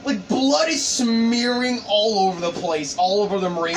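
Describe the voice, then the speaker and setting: A man narrating a story pitch in a rambling, profane, casual way with lots of fillers. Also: fairly even intonation, normal speed. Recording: distant mic, background noise.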